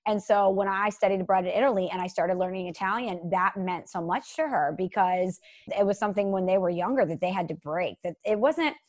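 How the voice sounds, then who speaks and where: A woman in her thirties, an earnest and animated storyteller, chatting casually as co-host. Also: mid-range voice, a little fast. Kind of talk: casual chat.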